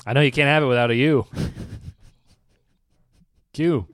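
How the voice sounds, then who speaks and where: A man's voice: mid-range voice, measured pace, fairly bright tone, clean tone, no echo, clean studio sound. A man, a stand-up comedian, telling a story in casual podcast chat, acting out the people in it and laughing often.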